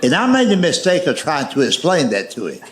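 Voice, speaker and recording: A man telling folksy stories on a comedy stage in a drawling, deadpan way. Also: fairly high pitch, fairly quick. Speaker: stand-up comedian. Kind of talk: stand-up storytelling. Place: comedy stage before a live audience. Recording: echoey live venue.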